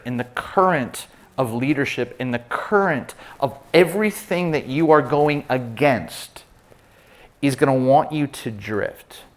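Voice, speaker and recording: A man preaching a sermon, telling personal stories in an animated way and acting out the people he quotes. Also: fairly high pitch. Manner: animated storyteller, acts out quoted voices. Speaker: pastor.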